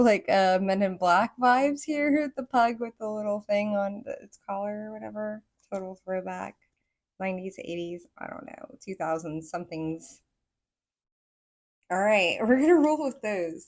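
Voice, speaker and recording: A woman with a Southern accent giving a casual pick-a-card tarot reading, excitable and rambling as she talks to her viewers. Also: medium pitch, moderate pace. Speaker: tarot reader.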